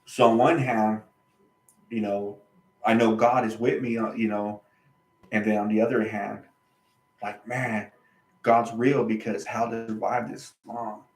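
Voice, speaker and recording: A man's voice: fairly low pitch, level tone, a little slow, pauses often, roomy sound, low-quality recording. A man, host of his own channel, telling a personal story in a casual, emphatic monologue. He repeats himself and uses colloquial slang.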